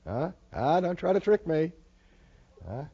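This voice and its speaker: A man's voice: on the high side, big pitch swings, unhurried, dark tone, breathy edge, voice pushed up, heavily acted. A man voicing Pilate as a skeptical, needling Roman governor, in a dull lo-fi recording.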